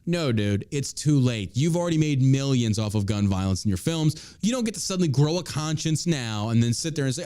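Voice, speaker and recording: A man's voice: mid-range voice, animated, brisk, few pauses, warm tone, clean tone. A man hosting a podcast, ranting in casual political commentary with lots of swearing and mockery. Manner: profane, ranting, mocking. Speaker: podcast host.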